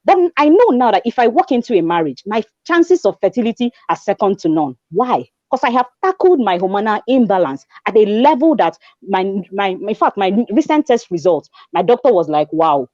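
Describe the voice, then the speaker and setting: Twenties, Nigerian accent, mellow tone, expressive storyteller who slips into pidgin, dry close recording. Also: female voice, mid-range voice, moderate pace, no echo, muffled recording. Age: 20s. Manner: animated storyteller, acts out dialogue, mixes in pidgin. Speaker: guest. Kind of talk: conversational testimony.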